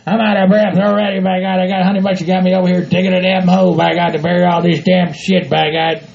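A man voicing a gruff, grumbling hillbilly rancher in a comedy audio skit, swearing and repeating himself constantly. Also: sits high, level tone, fast talker, a little mellow. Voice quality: gravelly, exaggerated country hick voice. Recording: dull lo-fi home recording.

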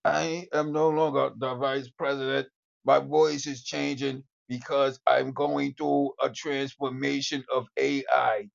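A streamer putting on a smug AI robot voice, slow and deliberate, hawking itself like a salesman, muffled lo-fi stream audio. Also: mid-range voice, little pitch movement, gravelly, voice pushed down. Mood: calm. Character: self-described AI robot, calm and boastful.

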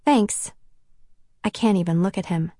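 A woman's voice: mid-range voice, animated, moderate pace, dry recording, clean studio sound. A woman reading a novel in first person, with a self-conscious, wry inner voice. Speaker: audiobook narrator. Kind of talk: first-person audiobook narration.

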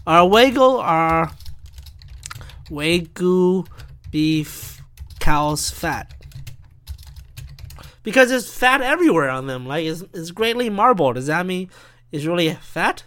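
A man's voice: high-pitched, expressive, takes it slowly, pauses often, fairly bright tone, smooth. A man hosting a solo podcast, rambling and interrupting himself as he riffs and laughs at his own jokes. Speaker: podcast host.

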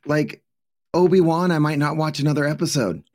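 A man's voice: fairly high pitch, fairly even intonation, brisk, a little mellow, no room sound, clean studio sound. A man co-hosting a casual reaction chat, laid-back and wry, laughing often. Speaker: co-host. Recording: noisy background.

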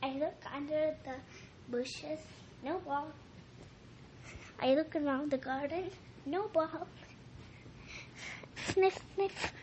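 A woman reading a children's storybook aloud, halting now and then with slips and rereads. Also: sits high, a little mellow, slight background noise. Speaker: reader.

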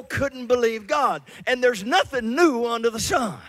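Fervent high-voiced preacher man. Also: lively intonation, measured pace, soft background music. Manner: fervent preaching with repeated words and swings in loudness. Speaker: pastor. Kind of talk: sermon.

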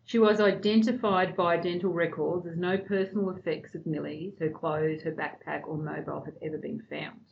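A woman with a fairly low voice walks her friends through a true-crime case in a subdued, chatty way. Her voice comes through a dull, lo-fi recording. A faint hiss sits underneath. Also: flat delivery, normal speed, vocal fry, few pauses. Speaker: podcast host telling the case. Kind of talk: casual true-crime podcast chat. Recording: dull lo-fi sound with faint noise.

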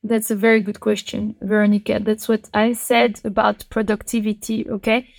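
A woman's voice: little pitch movement, normal speed, gravelly. A woman with a French accent, a lawyer speaking as a podcast guest, outspoken and emphatic. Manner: outspoken and emphatic, with sharp pitch jumps. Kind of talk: passionate podcast conversation.

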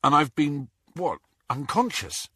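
A man's voice: on the high side, big pitch swings, a little slow, bright, forceful tone, husky, no echo, studio quality, exaggerated voice. A man voicing a shaken teenage boy wizard who gives short, guarded answers.

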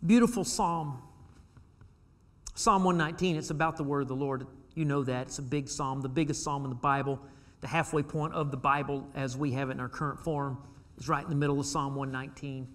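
A man preaching a sermon as pastor of his church, moving from quiet asides to shouted pleas. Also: mid-range voice, steady tone, brisk. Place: church sanctuary.

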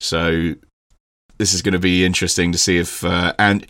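A man co-hosting a podcast in casual chat, rambling and sweary, quick to laugh. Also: low-pitched, flat delivery, a bit bright. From Britain. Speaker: podcast co-host.

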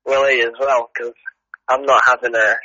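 Brief: podcast guest, very bright, tense tone, dead-dry muffled recording. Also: male voice, medium pitch, flat delivery, moderate pace, no echo. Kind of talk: casual chat.

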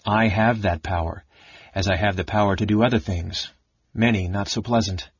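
A man voicing a cold, menacing young male dark elf mage with a smooth, cool voice and a calm, quietly threatening manner. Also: on the low side, normal speed, dry recording, lo-fi sound.

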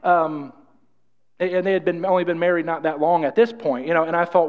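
A man preaches a sermon, rambling and restarting often. His voice sits high for a man. The recording is dull and lo-fi, with a long church-hall reverb. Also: fairly even intonation, a little fast. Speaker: pastor.

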